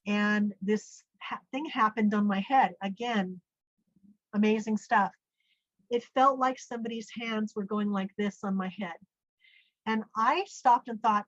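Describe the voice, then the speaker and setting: A middle-aged woman telling a personal story in a lively way, acting out the voices she quotes. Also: medium pitch, no room sound. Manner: animated, acts out quoted speech. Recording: dull, dry lo-fi sound.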